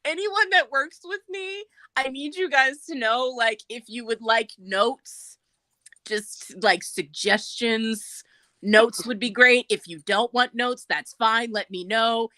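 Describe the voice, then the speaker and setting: A woman who writes and narrates audiobooks, chatting casually, animated and profane, laughing often. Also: a little high, slow, no room sound. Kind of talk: casual chat.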